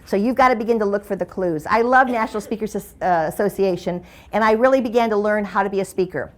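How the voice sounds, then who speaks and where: A woman's voice: medium pitch, fast talker. A middle-aged woman giving a humorous keynote talk, telling stories in a playful, conversational way. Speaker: motivational speaker.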